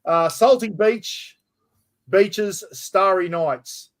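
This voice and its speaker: A man's voice: sits high, very slow. A middle-aged man with an Australian accent hosts a casual live-stream chat, talking bluntly and chattily, swearing freely and calling people mate. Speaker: livestream host.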